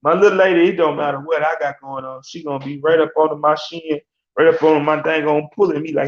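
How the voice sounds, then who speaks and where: Talking fast in a fairly high pitch with mostly even intonation, this sports talk host from Alabama rambles through a casual rant. His delivery is slangy and loose, broken up by frequent laughs. It's captured in an echoey room with dull, lo-fi audio.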